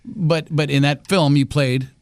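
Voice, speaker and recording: A man's voice: fairly high pitch, fairly even intonation, unhurried, no room sound, clean studio sound. A man hosting a radio interview, chatty and jokey, often cutting in. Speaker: radio show host.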